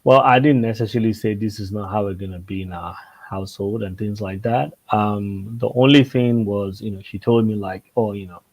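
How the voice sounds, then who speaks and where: A man talking as a panelist in a casual discussion, animated, repeating phrases and checking in with his listeners. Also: on the low side, brisk, low-quality recording. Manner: animated, repeats phrases and asks "see what I'm saying?".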